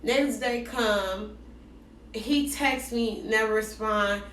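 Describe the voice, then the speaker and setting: Woman, casual storytime vlogger, animated slang delivery, slightly high voice; roomy recording with the mic at some distance. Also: takes it slowly, a little hiss or hum. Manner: animated, slangy, acts out both sides of conversations. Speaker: vlogger telling a dating story. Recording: roomy echo, voice set back from the mic.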